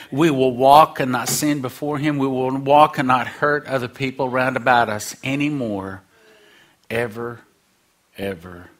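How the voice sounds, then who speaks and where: A man preaching a sermon, acting out quoted voices and dropping humorous asides. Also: medium pitch.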